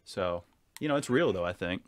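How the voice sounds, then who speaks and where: A man's voice: deep voice, animated, moderate pace, no room sound. A man co-hosting a podcast, chatting casually with jokey, salesman-style banter. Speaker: podcast co-host. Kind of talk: casual chat.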